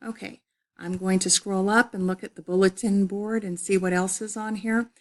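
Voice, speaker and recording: A woman's voice: mid-range voice, fairly even intonation, moderate pace. A middle-aged woman teacher walking students through her online college English course, explaining with repetition and frequent fillers. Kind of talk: recorded online course walkthrough.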